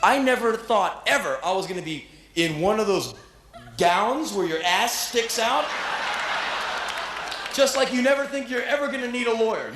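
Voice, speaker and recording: A man in his thirties performing live spoken word, telling a story in an animated, profane, self-mocking way and acting out the voices of others. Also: high voice, moderate pace, reverberant. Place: stage before a live audience.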